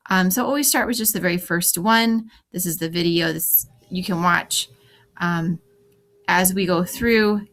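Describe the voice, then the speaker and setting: A French teacher records a screen-captured class tutorial in a fairly low, slightly bright voice at a measured pace. She guides her students through each click step by step, offering practical, encouraging advice.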